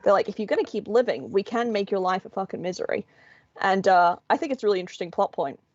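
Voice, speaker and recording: An Australian woman talks casually on a podcast, animated and quick to slip into little voices as she tells stories. Her voice sits mid-pitched, recorded dry with a slightly dull, muffled tone. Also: no echo. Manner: animated storyteller, acts out voices. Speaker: podcast co-host. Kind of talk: casual chat.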